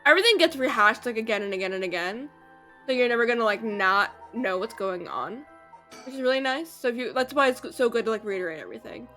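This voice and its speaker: A woman's voice: on the high side, lively intonation, fast, pushed and bright, faint music behind. A woman streamer giving casual, rambling and profane commentary while playing a game. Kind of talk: casual let's-play commentary.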